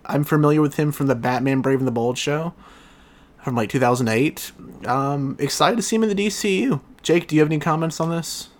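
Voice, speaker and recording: A man's voice: fairly high pitch, fairly quick. A man hosting a casual podcast chat, loose and jokey, swearing freely. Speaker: podcast host.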